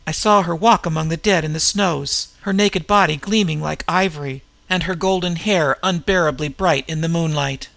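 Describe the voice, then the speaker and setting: Brief: older wild-eyed warrior, read by a man, solemn and intense, gravelly. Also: on the high side, moderate pace, few pauses, a bit bright, dry recording. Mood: eerie.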